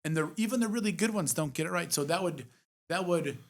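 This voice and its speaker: A man's voice: fairly high pitch, fast. Frank, swearing male investor co-host. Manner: frank, profane, animated storytelling. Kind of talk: casual chat.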